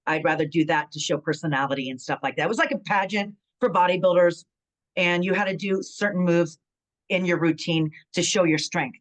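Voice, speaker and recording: A woman's voice: on the low side, a little fast, rough recording. A middle-aged woman from California, a former pro wrestler telling stories in a casual interview, acting out quotes with plenty of fillers. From San Bernardino, California. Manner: animated storytelling, acts out quotes, frequent fillers.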